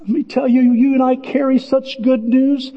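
A middle-aged man preaching a sermon as pastor, telling stories with animated bursts of excitement and shouting. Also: extremely high pitch, moderate pace. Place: church sanctuary. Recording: dull lo-fi audio with long church reverb.

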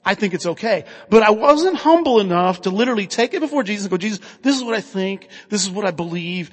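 A man's voice: high-pitched, lively intonation, quick pace, slightly rough, long reverb tail. A man preaching a sermon in an earnest, conversational way, asking his listeners questions and retelling scripture. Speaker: pastor.

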